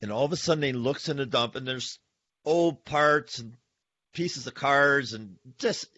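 A man's voice: mid-range voice, unhurried, sharp tone, dry recording. A man hosting a podcast, telling stories animatedly and calling listeners "folks". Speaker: podcast host. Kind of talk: casual podcast conversation. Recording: dull lo-fi sound, dry.

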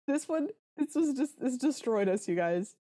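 A woman's voice: high voice, animated, moderate pace, mellow, breathy edge. A woman co-hosting a podcast, recapping a film in casual chat with wry, dramatic storytelling. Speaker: podcast co-host.

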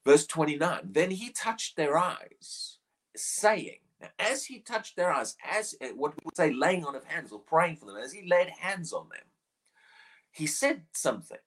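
A man's voice: a little high, big pitch swings, normal speed, breathy edge. A man preaching a short morning devotional, earnest and questioning, often repeating words as he presses a point.

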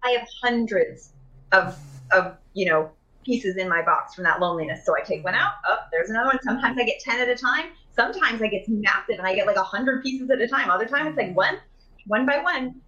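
A woman talks casually about emotional healing, full of fillers and restarts. Her voice is bright and a little high. The sound is dull and lo-fi, as on a video call. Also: lively intonation, fairly quick. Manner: chatty, many fillers and restarts.

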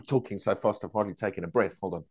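A man teaching a Bible study, questioning his class and acting out excited believers. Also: lowish voice, moderate pace, husky.

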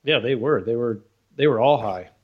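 A man's voice: medium pitch, moderate pace, husky, phone-quality sound. A man in a casual talk, answering in a laid-back way with short replies. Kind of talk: casual chat.

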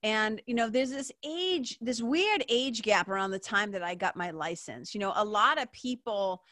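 Bright, chatty woman in her fifties. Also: mid-range voice, lively intonation, moderate pace, no echo, clean studio sound. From Massachusetts, USA. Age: 50s. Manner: rambling, heavy "like" fillers, swears, laughs often. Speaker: podcast host. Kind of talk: casual personal storytelling.

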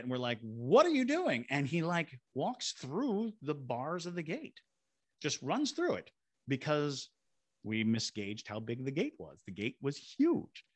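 A man's voice: mid-range voice, a bit bright, husky, no echo. A man, a paranormal investigator and ghost tour guide, telling a story as a podcast guest and acting out voices and sound effects. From Savannah, Georgia. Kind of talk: animated storytelling in a podcast interview.

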